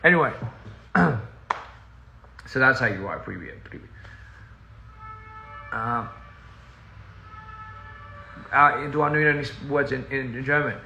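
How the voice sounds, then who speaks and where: Young man, casual live stream, rambling and sidetracked, gravelly voice, roomy echo. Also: medium pitch, takes it slowly, long pauses, bright, forceful tone, a little hiss or hum. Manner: rambling and easily sidetracked, laughing often. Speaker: musician live-streaming to fans. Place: at home, indoors.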